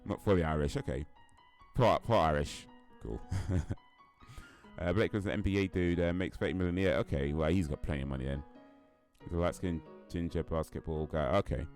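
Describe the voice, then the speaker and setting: A man's voice: sits low, fairly quick, a little mellow, faint music behind. A man streaming a game, chatting casually and rambling as he answers questions from chat.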